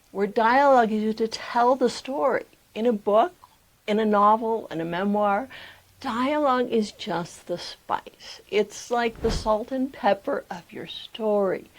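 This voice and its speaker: Female writing coach, slight vocal fry, emphatic instructional delivery. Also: fairly high pitch. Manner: emphatic, clear teaching delivery. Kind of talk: instructional talk to camera.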